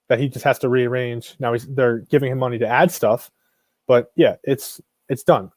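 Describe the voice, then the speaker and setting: A man's voice: mid-range voice, a little mellow, no echo. Male live stream host, blunt and rambling, mid-range voice, dry close sound. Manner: blunt, rambling, frequent restarts and mild swearing. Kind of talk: casual live stream commentary.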